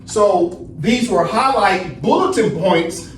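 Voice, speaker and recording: A man with a high-pitched voice leads a study class. He poses questions and answers them himself, tagging "right?" onto his points. The sound is distant and roomy, with a faint hiss behind it. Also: animated, slow. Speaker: study session teacher. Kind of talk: lecturing class. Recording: roomy echo, distant mic, faint noise.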